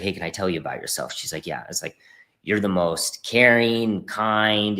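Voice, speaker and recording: Deep-voiced man telling an earnest story. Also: fairly bright tone. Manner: earnest, emotional, frequent fillers and restarts. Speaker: podcast guest, performance coach. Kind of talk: heartfelt conversational storytelling.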